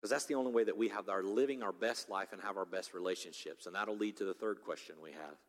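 A pastor in his forties preaching a sermon, swinging between loud urgency and hushed, intimate appeals. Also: low-pitched, fast talker. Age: 40s. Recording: long reverb of a large hall.

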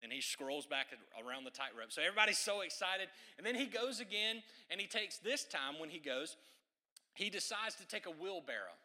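Bright, animated male preacher. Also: high voice, fairly quick. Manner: animated storytelling with joking asides. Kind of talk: sermon.

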